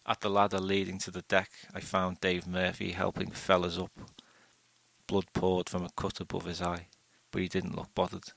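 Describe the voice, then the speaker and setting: A man reading a first-person short story aloud in a steady, unhurried way. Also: sits low, creaky, dry recording. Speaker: audiobook narrator.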